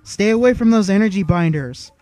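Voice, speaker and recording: A determined young boy who talks with confidence and earnest pride, voiced by a man. The pitch lifts only slightly above the reader's own, with a firm, loud push. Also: moderate pace, dry recording, faint music behind, natural voice.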